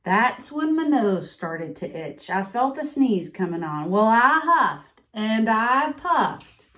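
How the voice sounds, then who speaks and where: A woman's voice: a little high, sing-song, takes it slowly, a bit bright, exaggerated voice. A woman reading a picture book aloud as a sniffly, self-pitying male wolf who tells his side of the story in a confiding voice.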